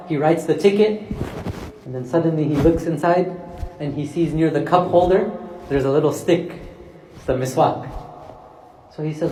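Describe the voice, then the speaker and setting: Echoey mosque sermon, mellow male mufti. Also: fairly high pitch, normal speed, long pauses. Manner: addresses respected listeners, mixes Arabic phrases. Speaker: mufti giving a Ramadan lecture. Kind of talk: sermon with storytelling.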